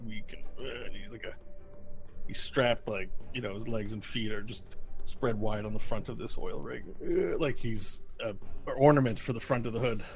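A man running a tabletop game as game master, narrating in a rambling, animated way with restarts. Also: on the low side, normal speed, faint music behind, rough recording.

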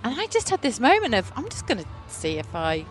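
A woman's voice: a little high, wildly swooping pitch, brisk, faint music behind, poor audio. A woman from the north of England with an English accent, chatting casually in a dry, wry way. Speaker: editor and podcast guest. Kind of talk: casual chat.

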